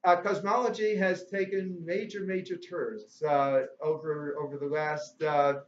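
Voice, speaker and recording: A man's voice: a little high, little pitch movement, unhurried. A man giving a lecture as guest speaker, jovial and anecdotal, talking to the audience between stories. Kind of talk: lecture with humorous storytelling. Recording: echoey hall, dull lo-fi sound.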